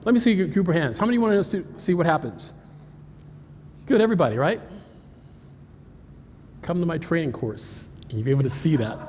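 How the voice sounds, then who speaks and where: An animated man presents on cybersecurity to a live audience. He jokes often and asks the crowd questions. His voice sits a little high for a man and carries a long hall reverb over faint room ambience. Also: fairly quick, long pauses, a little hiss or hum. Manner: animated and joking, talks straight to the audience. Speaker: cybersecurity speaker. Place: conference hall.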